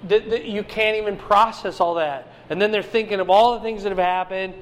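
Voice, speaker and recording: A man giving a conversational sermon, teaching a Bible passage with animated swings between loud emphasis and quiet asides. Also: sits high, fairly quick.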